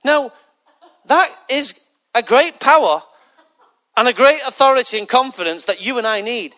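Male preacher, bright and forceful tone, funny anecdotal sermon style. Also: very high-pitched, normal speed. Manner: humorous, lively storytelling preacher. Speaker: pastor.

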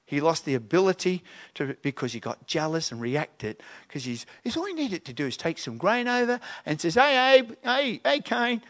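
Male pastor, slightly high voice, animated conversational sermon delivery. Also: moderate pace. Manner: animated, acts out voices and questions.

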